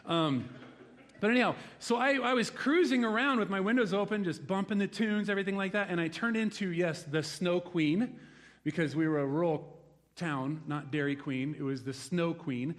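A man in his forties preaching a sermon to a congregation, telling a lively story from his rural youth and then growing quiet and reflective. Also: high voice, normal speed. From rural United States. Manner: animated storytelling, swings from loud exclaims to hushed reflection. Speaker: pastor. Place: church hall before a congregation.

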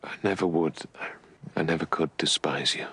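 Period drama: a low, husky young gentleman, soft and earnest. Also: fairly even intonation, moderate pace, full character voice.

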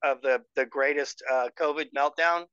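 A man talking as a podcast guest, telling stories in an animated way with laughs. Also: fairly high pitch, normal speed, clear, resonant tone, no echo, lo-fi sound. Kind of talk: casual chat.

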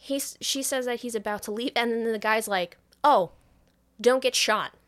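A woman's voice: a little high, normal speed. Woman co-host, casual film recap, swears a lot, acts out quoted lines. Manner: profane, animated recap with quoted voices. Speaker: podcast co-host retelling a film. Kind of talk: casual chat.

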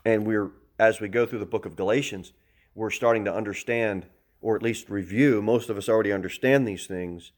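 A middle-aged man giving a sermon as pastor, animated, shifting between loud emphasis and soft, calm talk. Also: on the low side, brisk.

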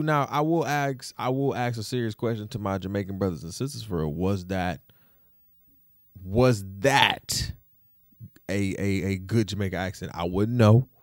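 A man hosts a casual opinion podcast, speaking at a moderate pace in a fairly low voice with no echo. He sounds relaxed and conversational, using many fillers and repeating himself.

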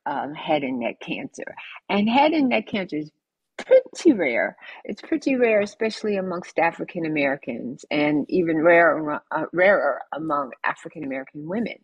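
A woman's voice: low-pitched, normal speed, husky, no echo, muffled recording. A woman sharing her personal story in a conversational interview, firm and direct, acting out the people in it. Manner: animated storyteller who acts out dialogue. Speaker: interview guest, cancer survivor.

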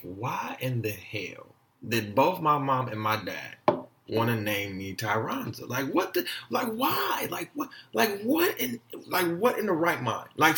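A young man hosting a casual solo podcast, telling a story with animated, exasperated swings up in pitch. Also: roomy sound. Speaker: podcast host.

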